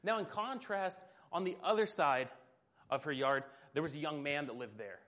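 A male preacher with a fairly high voice, delivering a sermon in a relaxed, talky way. He leans on storytelling and pokes gentle fun at himself. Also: moderate pace. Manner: conversational, self-deprecating humor, storytelling.

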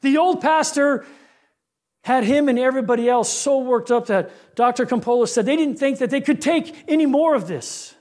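A man preaching a sermon with rhythmic refrains, building intensity and dropping low on key lines. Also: normal speed, a little mellow.

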